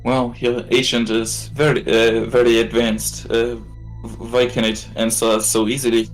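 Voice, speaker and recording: A man's voice: medium pitch, level tone, unhurried, soft background music, rough recording. A man playing his character at a tabletop role-playing game, hesitant and stammering. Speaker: player.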